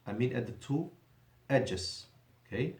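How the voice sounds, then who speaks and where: Brief: male teacher, mid-pitched voice, deliberate classroom delivery, roomy echo. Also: lively intonation, darkish tone. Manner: deliberate, drawn-out emphasis on key words; switches between Arabic and English, self-correcting. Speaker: Arabic teacher. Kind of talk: classroom lesson. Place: mosque classroom. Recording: echoey room.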